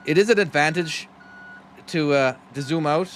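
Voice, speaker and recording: A man with a Cork Irish accent softened by years in America, chatting casually with viewers and thanking them while he plays a trucking game on a live stream. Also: fairly high pitch, normal speed, slight background noise. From Ireland.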